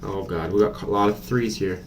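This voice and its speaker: A man's voice: fairly low pitch, normal speed, background noise. A man doing a casual tarot reading to camera, chatty and blunt, thinking aloud with many fillers. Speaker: tarot reader.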